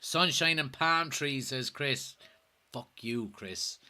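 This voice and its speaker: Taking his time, this Irishman hosting a casual football watchalong livestream speaks in a mid-range voice that's pushed and bright, swearing, joking and reading the audience's comments aloud.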